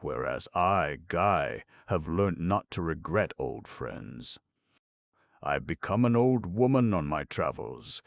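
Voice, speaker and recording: A worldly young society woman, soft-spoken and wistful, with a bitter edge, as a deep-voiced male narrator raises his pitch for her. The voice stays gravelly, in a dry, close recording. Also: no echo, heavily acted.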